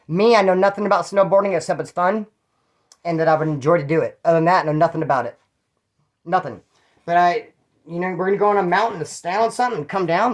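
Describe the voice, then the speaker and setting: Fast-talking man telling street stories. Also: high-pitched. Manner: rambling, profane, streetwise slang. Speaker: channel host telling prison stories. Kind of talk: casual first-person storytelling.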